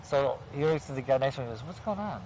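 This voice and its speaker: A man's voice: mid-range voice, lively intonation, quick pace, darkish tone, slight background noise, poor audio. A man hosting a late-night horror show, chatting and telling jokes outdoors at a cemetery, laughing at his own punchlines. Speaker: show host. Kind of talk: casual chat.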